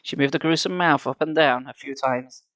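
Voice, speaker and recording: A man's voice: mid-range voice, normal speed, fairly bright tone, dry recording. Casual man reading a spooky story live. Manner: casual, chatty asides. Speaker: livestream reader.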